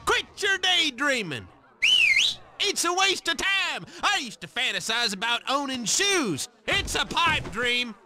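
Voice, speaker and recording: An actor playing a loud, crude, hot-tempered hillbilly golfer in a video game, hollering in a twangy rural drawl. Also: male voice, very high voice, very animated, measured pace, noisy background, exaggerated voice. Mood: rowdy. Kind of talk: video game character lines.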